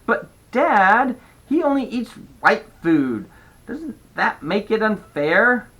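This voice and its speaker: A man's voice: high-pitched, very animated, slow pace, pushed and bright, pitched above the performer's own voice, full character voice. An older man reading aloud and voicing a clever, bossy young girl in a storybook. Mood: arguing.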